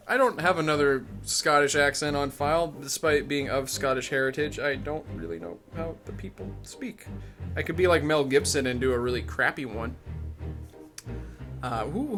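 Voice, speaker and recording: A man talking through a retro game as he plays, in a loose and casual way. He makes wry, self-deprecating asides and keeps a relaxed, chatty tone. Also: medium pitch. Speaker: let's play host. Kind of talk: casual gameplay commentary.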